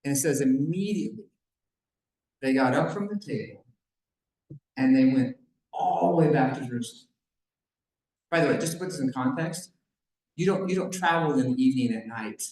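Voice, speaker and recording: A man giving a conversational talk at a banquet, retelling a Bible story with joking asides to the audience. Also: mid-range voice. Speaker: banquet speaker. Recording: echoey room.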